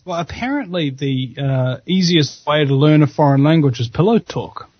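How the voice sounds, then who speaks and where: Male radio host, casual and joking, a rambler, slightly high, dry and muffled over a call line. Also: lively intonation, normal speed, breathy edge. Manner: joking, rambling with stammered restarts. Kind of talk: casual podcast chat.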